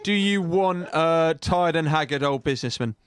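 A man's voice: a little high, moderate pace, clean tone, dry recording. A man performing in an improv comedy sketch, flustered and stammering. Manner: flustered, stammering comic bluster.

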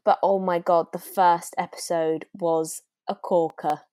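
A woman's voice: lowish voice, level tone, a little slow, mellow, no room sound, clean studio sound. A woman co-hosting a podcast, chatting casually and gushing enthusiastically about shows. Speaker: podcast co-host. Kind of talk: casual chat.

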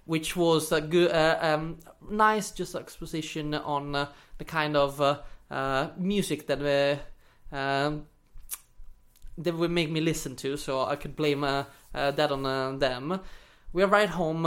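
A man's voice: a little high, steady tone, a little slow, fairly bright tone. A man from Italy with an Italian accent, a podcast guest telling personal stories casually with many fillers and a playful, sarcastic streak. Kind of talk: storytelling in casual interview.

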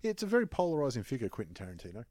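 A man's voice: medium pitch, wildly swooping pitch, rapid-fire, a little mellow, dry recording, studio quality. An Australian man hosting a podcast, chatting casually with blunt, sweary opinions. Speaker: podcast host. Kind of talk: casual chat.

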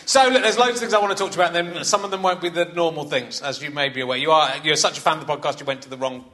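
High-voiced teasing male host. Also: very fast, pushed and bright. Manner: dry teasing banter. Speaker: podcast host. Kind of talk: casual chat.

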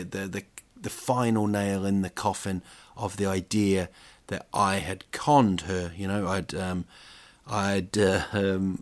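Rambling, self-mocking man with a low voice. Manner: self-mocking, jokey, many fillers and restarts. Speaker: podcast host. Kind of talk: rambling solo monologue.

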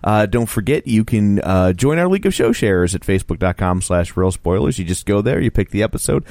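Male podcast co-host, animated pitch, joking, plugs, dry close sound. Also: fairly quick, no echo. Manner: jokey, reads listener names and plugs. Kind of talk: casual podcast chat.

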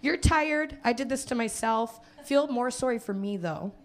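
In a slightly high voice at normal speed, a young stand-up comedian from Winnipeg, Canada, performs live on a small theater stage. She's hungover, and her rambling, self-mocking set is full of her own laughter.

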